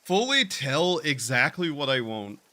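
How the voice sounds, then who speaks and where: A man's voice: a little high, very animated, measured pace, sharp tone. A man streaming a game, talking in a drawling, meandering way with sighs and casual swearing. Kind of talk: casual gaming stream chat.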